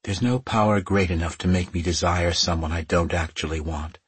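A man's voice: low-pitched, fairly even intonation, normal speed, breathy edge, no room sound. A man voicing a cold, defiant young woman. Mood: bitter.

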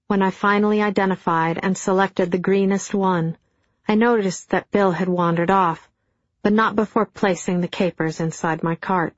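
Deadpan middle-aged woman narrating. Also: medium pitch, moderate pace, no room sound. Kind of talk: audiobook narration. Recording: dull, dry studio sound.

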